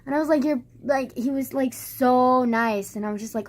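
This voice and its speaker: A woman's voice: high voice, normal speed, hardly any pauses. A young woman telling a rambling story in a casual vlog, full of "like" and swearing, acting out what people said. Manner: rambling, heavy use of "like", swearing; animated retelling with quoted dialogue.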